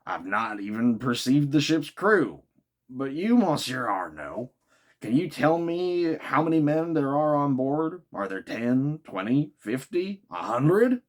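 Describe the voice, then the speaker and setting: A blustering, burly harpooner shouts his complaints in a booming audiobook voice, as a man reading the book puts him on. The voice leaps high and loud when he is angry and swings widely. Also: sing-song, takes it slowly. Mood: blunt. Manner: loud and exasperated.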